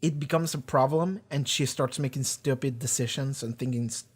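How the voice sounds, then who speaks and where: A man hosting his own channel, talking casually with rambling, animated delivery and casual swearing. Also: mid-range voice, moderate pace, breathy edge. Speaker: reaction channel host. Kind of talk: casual discussion.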